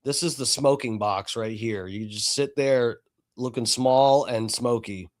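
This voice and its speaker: A man with a medium-pitched voice runs a live stream at a measured pace. Chatty and profane, he addresses his chat throughout.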